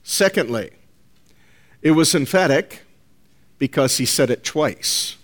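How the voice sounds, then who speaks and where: Slow, emphatic male preacher. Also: a little high, expressive. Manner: emphatic, deliberate preaching with repeated phrases; addresses listeners as folks. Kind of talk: sermon.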